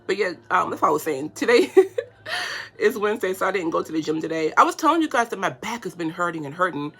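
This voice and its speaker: A bright-toned woman hosting a live makeup stream from home. She is chatty and easily touched as she answers viewers' comments. Her voice comes through a phone's front camera, close and personal. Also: on the low side, lively intonation, rapid-fire, slightly rough, faint music behind. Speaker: beauty livestream host. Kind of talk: casual livestream chat while doing makeup.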